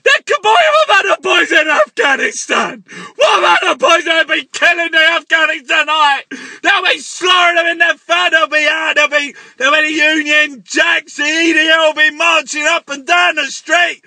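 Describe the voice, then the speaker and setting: A man in a frantic, shouting comic rant, swearing and repeating himself. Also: extremely high pitch, moderate pace, no room sound.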